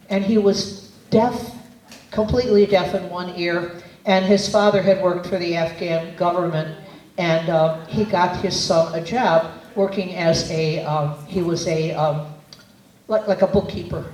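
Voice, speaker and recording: A woman with a Midwestern American accent gives a public speech on an outdoor community festival stage, telling earnest, meandering stories packed with fillers. Her voice is low-ish and darkish, heard through a distant, echoey PA with faint ambience and slight background noise.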